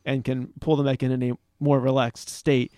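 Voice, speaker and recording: Halting, laughing man on a dry mic. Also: medium pitch, flat delivery, mellow, no room sound. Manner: halting, many restarts, laughs often. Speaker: podcast co-host. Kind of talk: casual chat.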